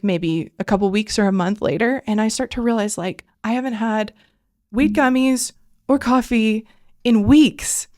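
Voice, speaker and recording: Earnest woman telling a faith story. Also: medium pitch. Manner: earnest, filler-heavy storytelling, often dropping to a hushed voice for quoted prayers. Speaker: podcast guest. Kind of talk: emotional personal faith story.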